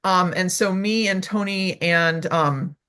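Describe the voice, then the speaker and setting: A woman violist and researcher, a guest in a casual interview, explaining research in an animated, chatty way with many "like"s and "right?"s. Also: fairly low pitch, slow pace, clear, resonant tone.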